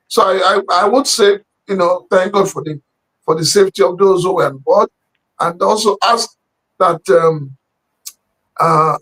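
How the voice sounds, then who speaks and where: A man's voice: sits high, fairly bright tone, breathy edge, low-quality recording. A man with a Nigerian accent commenting on current affairs in casual talk, hesitant, with many fillers and restarts.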